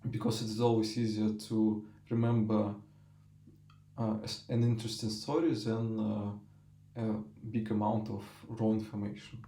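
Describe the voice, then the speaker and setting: A young man with a Russian accent giving brisk, fluent tips in a conference talk on speaking. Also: on the low side, mellow. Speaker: student presenter. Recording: roomy sound.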